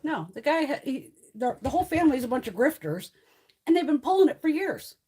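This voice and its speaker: A woman's voice: high-pitched, very animated, a little fast, dark tone. A middle-aged woman from the US East Coast chatting casually on a livestream, telling stories in a blunt way and swearing constantly. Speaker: beauty livestream host.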